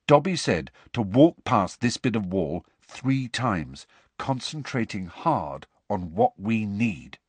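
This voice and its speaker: A man voicing a quiet, determined teenage boy wizard in an audiobook reading, low and terse. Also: very animated, slow, breathy edge, no room sound, exaggerated voice.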